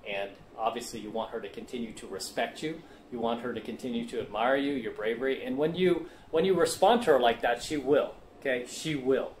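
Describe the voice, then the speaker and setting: A man's voice: mid-range voice, a little fast, a little hiss or hum. A man hosting a dating-coaching video and speaking emphatically to the camera, often asking "right?". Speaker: dating coach and channel host. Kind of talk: direct-to-camera coaching monologue.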